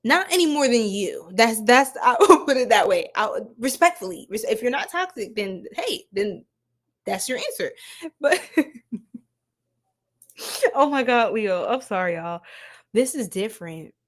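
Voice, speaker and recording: A woman's voice: a little high, big pitch swings, unhurried, pauses often. A woman giving a casual livestream tarot reading, laughing often and chatting with viewers.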